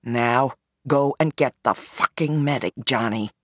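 A woman voicing a calm, commanding young woman who leads a group, speaking in an easy tone with a smile in it. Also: a bass voice, unhurried, breathy edge, dry recording, studio quality, voice pushed down, exaggerated voice.

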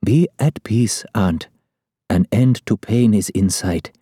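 A man voicing a calm, compassionate royal who speaks in a gentle, formal, courtly way. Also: lowish voice, slow pace, breathy edge, dry recording, studio quality, heavily acted.

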